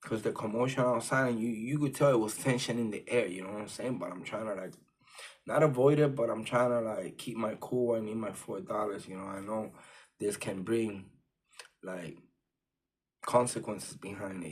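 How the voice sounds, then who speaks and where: Man with a lowish voice, telling a personal story in casual, profane street slang. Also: normal speed, slightly rough.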